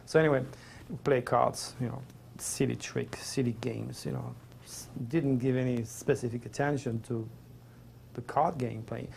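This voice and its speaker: A middle-aged Frenchman with a French accent speaks in a rough, gravelly voice at a middle pitch. He tells his personal story in an earnest, rambling, emotional way. A faint hiss of noise sits under his voice. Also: fairly even intonation, unhurried, darkish tone. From Provence, France. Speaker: interview guest.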